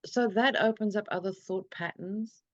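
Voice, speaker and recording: A middle-aged woman, an interview guest, telling her own story in a reflective, earnest, halting way over a video call. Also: medium pitch, no room sound, lo-fi sound. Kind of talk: personal storytelling in a conversation.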